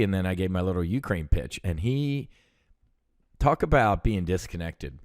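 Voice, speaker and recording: A man's voice: sits low, expressive, moderate pace, darkish tone, no room sound, clean studio sound. A veteran man hosting a show, telling a story in a casual, heated monologue full of fillers and swearing. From United States. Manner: heated, profane ranting with many fillers. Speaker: podcast host, veteran.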